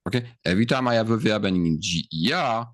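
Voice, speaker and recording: A man's voice: lowish voice, animated, fast talker. A man teaching verb endings, patiently checking in with his students as he writes. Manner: patient, checks in often, stretches words out. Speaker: French teacher. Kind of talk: slow explanatory grammar lesson.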